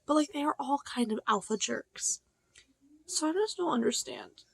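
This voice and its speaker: A young woman vlogging about her reading, her high voice bouncing between quiet musing and excited bursts, with plenty of fillers. The sound is dry and close, with no room around it. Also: moderate pace, gravelly, no room sound. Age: young adult. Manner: chatty, excitable, filler-heavy, swings between hushed and loud. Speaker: book vlogger. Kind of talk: casual reading vlog chat.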